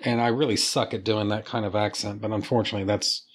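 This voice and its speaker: A man's voice: on the low side, flat delivery, quick pace, a little hiss or hum. A man reviewing comic books in a casual, enthusiastic video commentary, swearing freely as he talks.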